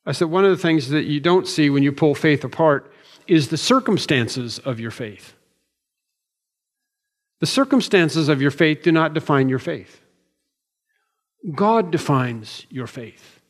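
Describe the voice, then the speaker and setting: A pastor preaching a sermon with measured, emphatic delivery and slow deliberate stresses. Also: male voice, on the high side. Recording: long hall reverb.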